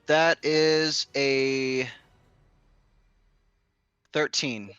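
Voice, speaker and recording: A man playing a tabletop game, answering rolls in an unhurried way. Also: medium pitch, fairly even intonation, a bit bright, clear, resonant tone, no echo, dull audio, soft background music. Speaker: player.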